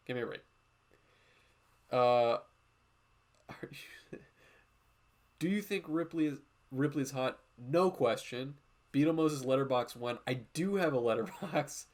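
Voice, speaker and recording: A man hosting a casual art livestream, talking in a rambling, profane way and drifting from tangent to tangent while he draws. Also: medium pitch. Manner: animated, often slipping into quoted voices. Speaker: art streamer and host.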